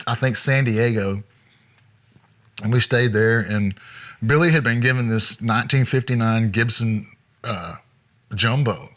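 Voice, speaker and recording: A man, a former road manager, telling road anecdotes in a relaxed interview with frequent chuckles. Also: medium pitch. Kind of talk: storytelling interview.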